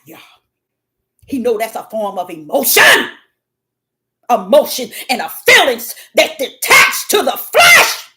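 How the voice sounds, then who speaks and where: Woman, preacher, fervent sermon, shouts then hushes, animated melodic voice. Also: on the high side, measured pace, long pauses. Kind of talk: impassioned sermon.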